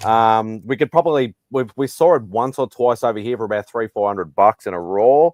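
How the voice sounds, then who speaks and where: Laid-back low-voiced man in casual chat. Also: fairly quick, a little mellow, no room sound, studio quality. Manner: laid-back, matter-of-fact, swears casually. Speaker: panelist. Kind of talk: casual chat on a video hangout. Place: home, joined by video call.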